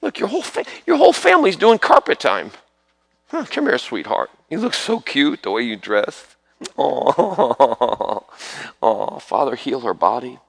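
Male preacher, gravelly, animated pitch; leads fervent altar prayers, calls families forward, loud bursts. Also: measured pace, dry recording. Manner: calls people forward, prays over them with sudden loud bursts. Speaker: preacher leading prayer ministry.

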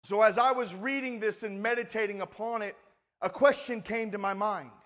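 A man preaching a sermon and reading scripture aloud, slow and emphatic, asking his listeners rhetorical questions. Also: sits high, steady tone, a bit bright. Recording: long reverb in a large hall.

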